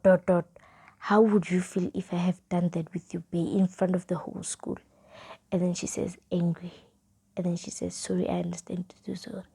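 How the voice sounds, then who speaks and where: Husky low-voiced South African woman storyteller. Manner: reads old chat messages aloud with punctuation, soft half-whispered delivery. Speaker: vlogger. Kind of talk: casual storytime.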